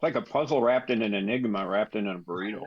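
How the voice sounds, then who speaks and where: A man's voice: lowish voice, quick pace, slightly rough, muffled recording. A man running a tabletop game as game master, rambling and correcting himself with jokes. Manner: rambling, self-correcting, jokey.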